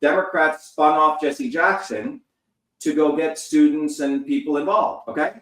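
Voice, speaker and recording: A man's voice: on the high side, a little slow, fairly bright tone. A man in his fifties, a guest in an interview, talking in an emphatic, profane, lecturing way. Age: 50s. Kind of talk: heated interview talk. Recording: roomy sound, distant from the mic.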